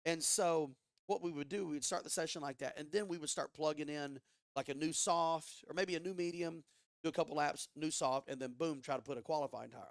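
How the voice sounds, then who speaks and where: A man guest on a podcast telling a story in a casual, animated way, swearing often and restarting his sentences. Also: on the high side, fairly quick, creaky, no echo, studio quality. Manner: animated, profane, frequent restarts. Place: studio.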